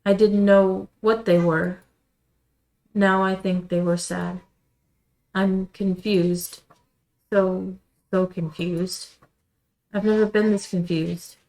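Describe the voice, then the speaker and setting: A woman streamer reading a visual novel aloud in quiet, measured first-person narration. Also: mid-range voice, level tone, rough recording. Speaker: let's-play streamer.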